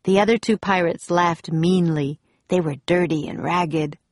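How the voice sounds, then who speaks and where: A woman reading a children's adventure story aloud in a calm, steady manner. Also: on the low side, unhurried, dry recording, studio quality.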